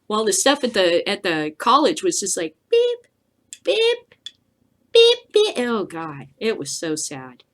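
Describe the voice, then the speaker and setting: Hosting a daily news vlog, a middle-aged woman delivers a casual, profane rant, laughing and swearing frequently. She speaks at normal speed with hardly any pauses, in a lowish, expressive, slightly bright voice.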